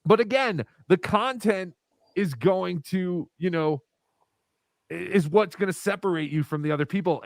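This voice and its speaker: A man hosting a live stream, relaxed as he takes callers and thanks donors. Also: sits high, no echo. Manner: relaxed, reads out callers and donations. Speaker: live-stream show host. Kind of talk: casual live-stream chat.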